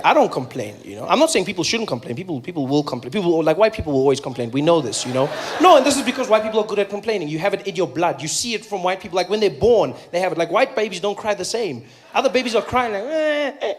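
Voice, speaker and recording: High-voiced South African man doing stand-up. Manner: animated, acts out voices and accents for punchlines. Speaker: stand-up comedian. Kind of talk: stand-up comedy set.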